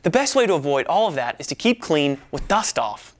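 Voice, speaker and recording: A man's voice: a little high, very animated, brisk. A man giving a playful, exaggerated comedic demonstration as a presenter. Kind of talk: comedic product demo.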